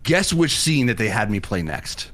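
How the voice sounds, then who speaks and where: A man hosting a livestream, telling a personal story in a casual way and acting out his own excited reactions. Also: on the low side, moderate pace. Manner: animated retelling that acts out his own past reactions. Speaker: livestream host.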